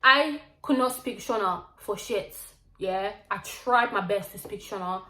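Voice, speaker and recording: Animated woman telling a storytime. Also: mid-range voice, unhurried. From Zimbabwe. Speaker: vlogger. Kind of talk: storytime vlog. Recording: roomy echo.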